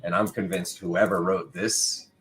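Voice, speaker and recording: A man's voice: low-pitched, steady tone, measured pace, fairly bright tone, soft background music. A man hosting a spiritual tarot live stream who has just woken up, chatting playfully and calling out viewers by name. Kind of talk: casual live-stream chat greeting viewers.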